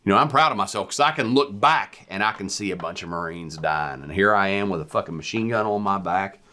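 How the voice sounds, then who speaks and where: Podcast co-host, man, lower voice, salty storyteller, casual and profane. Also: fairly quick. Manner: profane, animated war storyteller.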